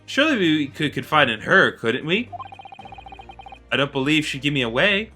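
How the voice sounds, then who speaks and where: A woman's voice: deep voice, sing-song, moderate pace, bright, forceful tone, soft background music, heavily acted. A woman voicing a nervous young male law student from a game, stammering anxiously.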